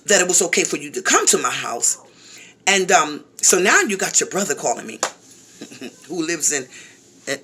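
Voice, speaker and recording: A woman vlogger telling her viewers a personal story in a casual, animated way, often repeating phrases. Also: lowish voice, breathy edge.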